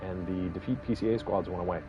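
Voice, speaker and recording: A man's voice: low-pitched, fairly even intonation, fast talker, muffled recording, over music. A man in his forties casually commenting on his gameplay during a live stream, rambling and joking with viewers. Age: 40s.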